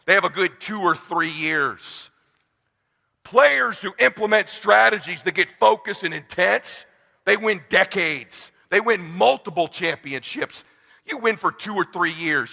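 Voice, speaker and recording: A man in his forties giving an intense motivational speech, swinging from hushed talk to shouting. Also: sits high, gravelly, long reverb tail. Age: 40s. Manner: preachy, addresses crowd as brother. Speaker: motivational speaker.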